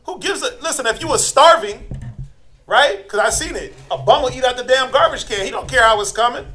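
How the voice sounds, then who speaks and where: A man's voice: very high-pitched, lively intonation, fairly quick, pushed and bright, soft background music, poor audio. A man preaching informally to a group as a religious teacher, blunt and challenging, firing rhetorical questions and chuckling while he scolds.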